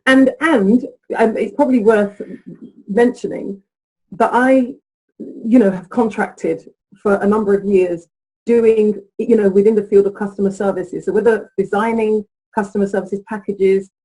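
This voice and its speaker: A woman guest on an interview show, a relationship coach with a husky, breathy voice. She talks in an animated way and laughs easily while telling stories. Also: mid-range voice, unhurried, poor audio. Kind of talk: interview conversation.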